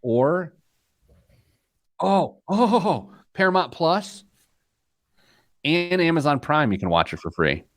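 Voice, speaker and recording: A man hosting a money podcast in casual chat, joking and animated. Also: on the high side, dry recording, studio quality. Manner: joking, animated, quick asides. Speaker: podcast host.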